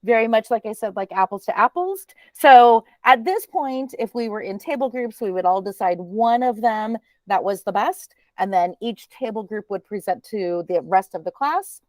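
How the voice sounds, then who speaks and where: A woman presenting a teacher training webinar in a chatty, relaxed way, with many ums. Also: mid-range voice, normal speed, few pauses, no echo.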